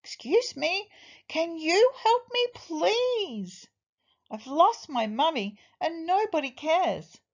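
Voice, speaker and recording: A woman's voice: a little high, wildly swooping pitch, measured pace, muffled recording, voice pushed up, full character voice. A woman voicing a young, polite boy elephant who is lost and pleading for help. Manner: pleading, anxious.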